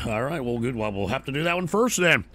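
A man's voice: medium pitch, animated, a little fast, sharp tone. Rowdy, profane call-in show host, man. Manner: rowdy, swearing, mock-rants at trolls. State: drinking shots on air.

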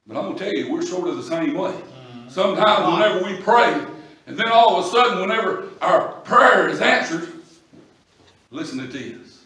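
A man preaching a sermon, swinging from low scripture reading to loud shouting. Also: sing-song, normal speed. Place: church. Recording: echoey church room from a distant mic.

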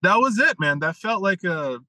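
Animated, swearing male storyteller. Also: high voice, moderate pace, dry recording, poor audio. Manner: animated storyteller, swears freely, acts out quotes. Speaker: masculine leadership mentor, guest. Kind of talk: casual podcast conversation.

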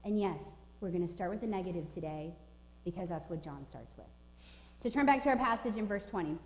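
A woman pastor in her forties preaches with emphatic, informal conviction in a lowish, slightly mellow voice, animated and a little fast. The roomy church sanctuary adds a long, lingering reverb.

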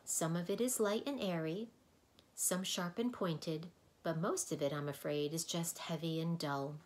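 A woman's voice: fairly low pitch, unhurried, natural voice. Fussy, bossy sound keeper, a woman reading. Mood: cheerful. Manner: prim, bossy. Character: fussy stubborn woman who keeps sounds. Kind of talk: storybook read-aloud.

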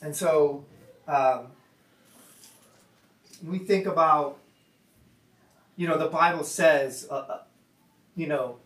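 A man's voice: fairly high pitch, slow, pauses often, fairly bright tone. A man preaching a casual sermon as pastor, talking in a loose, conversational way with many fillers and restarts. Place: church hall. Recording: echoey hall, voice from far off.

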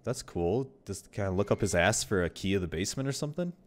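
A man's voice: lowish voice, lively intonation, fast talker, background noise. A young man streaming a horror game, joking around and yelping at the scares. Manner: jumpy, joking, yelps and shouts. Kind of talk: horror game playthrough commentary.

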